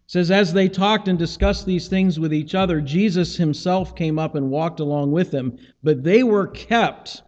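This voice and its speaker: A man's voice: a little high, a little mellow, highs cut off. Preacher man in a reverberant hall. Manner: conversational, acts out scripture dialogue. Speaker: pastor. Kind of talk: sermon.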